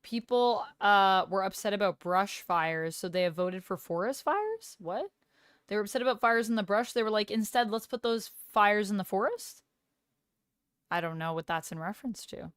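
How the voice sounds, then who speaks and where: A woman streamer talks casually with her chat, reading messages aloud and answering them one by one. Her voice is smooth and clean, at a middle pitch. The sound is dry and close, with no room in it. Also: lively intonation, moderate pace, no echo. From Canada. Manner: reads out chat and chats back, tries out phrases with a light laugh.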